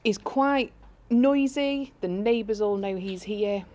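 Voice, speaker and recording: A woman parent interviewed for the news, talking in an animated way. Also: medium pitch, takes it slowly.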